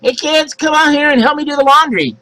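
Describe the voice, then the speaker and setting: A man's voice: extremely high pitch, flat delivery, fairly quick, pushed and bright, no room sound, pitched above the performer's own voice, low-quality recording. A man voicing a mother who calls out to her children to help with chores. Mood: calling. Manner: calling out, bossy.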